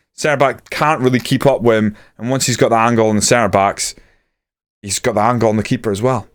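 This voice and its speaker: A man giving casual play-by-play commentary over a football management video game, muttering asides and getting excited at chances. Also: mid-range voice. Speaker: gaming YouTuber.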